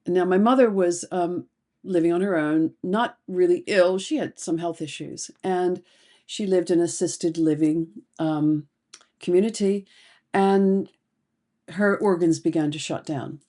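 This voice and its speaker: A middle-aged woman therapist speaking slowly and deliberately, telling emotional personal stories in a reflective talk to camera. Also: lowish voice, warm tone. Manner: slow, deliberate, emotional storytelling.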